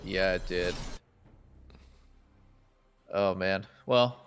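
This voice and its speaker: A man giving casual, excitable commentary on an esports match at a watch party, rambling and restarting often. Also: sits low, extremely slow, slight background noise. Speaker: stream co-caster.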